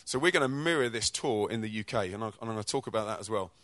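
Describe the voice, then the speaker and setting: A man from England, telling energetic, chatty stories about his charity work to a church audience, with slang and quick restarts. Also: on the low side, no room sound. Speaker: Christian rapper and charity co-director. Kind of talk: informal testimony talk to a church audience.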